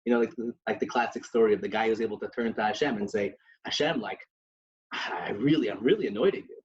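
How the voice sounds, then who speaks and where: A man's voice: lowish voice, fast talker. A man co-hosting a podcast, telling stories in a casual religious discussion with many restarts and Yiddish terms. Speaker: podcast co-host. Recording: dull lo-fi recording.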